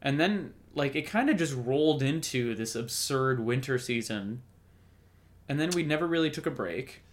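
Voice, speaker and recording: A man's voice: medium pitch, lively intonation, moderate pace. A man co-hosting a podcast, talking in a casual, rambling way, joking and breaking off mid-sentence. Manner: rambling, self-interrupting, jokey. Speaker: podcast co-host. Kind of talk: casual chat.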